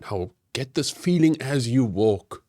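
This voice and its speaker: A man's voice: mid-range voice, lively intonation, takes it slowly, dark tone, dry recording, clean studio sound. A man giving friendly, encouraging instructions for an improv exercise in a tips video. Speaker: game master and improv teacher.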